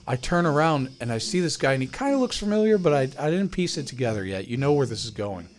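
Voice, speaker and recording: A young man casually telling a story on a podcast, lively and full of swearing, acting out the people he quotes. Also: medium pitch, a little fast. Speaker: podcast co-host.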